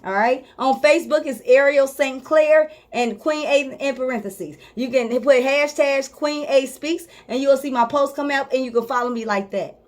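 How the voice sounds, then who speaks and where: Woman life coach with a high voice, talks right at you, hammers the same point over and over. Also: normal speed, few pauses. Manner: emphatic and repetitive, drives points home; speaks directly to viewers, informal. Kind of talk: motivational talk to camera.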